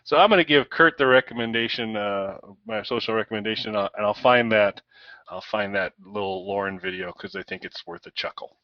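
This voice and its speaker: A man's voice: fairly low pitch, a little fast, dry recording. A man co-hosting a podcast, telling anecdotes casually with many fillers and chuckles. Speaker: podcast co-host. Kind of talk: casual chat. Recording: dull lo-fi, slightly distant mic.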